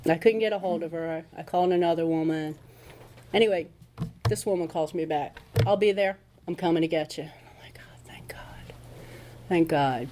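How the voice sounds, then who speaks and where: A woman's voice: fairly low pitch, dark tone, a little hiss or hum. A woman speaking at a recovery meeting, telling her story in a casual conversational way and acting out what people said. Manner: conversational storytelling with acted-out quotes. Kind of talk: personal testimony talk.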